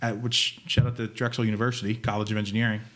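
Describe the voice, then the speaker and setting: A man in his thirties, a podcast guest who tells animated stories and jokes in casual chat. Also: lowish voice. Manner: animated storyteller, quick to joke. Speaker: podcast guest, food content creator.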